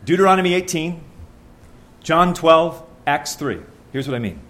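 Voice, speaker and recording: A man's voice: on the high side, very animated, moderate pace, fairly bright tone. A man preaching a sermon, reading scripture aloud and asking his listeners questions in an earnest, conversational way.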